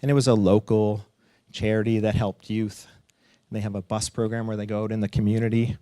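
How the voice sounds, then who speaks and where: A middle-aged man telling a personal story live on stage, animated and swearing at times, leaping up in pitch as he acts out what people said. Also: brisk, dry recording, clean studio sound. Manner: animated, acts out quotes with big pitch jumps, laughs and swears.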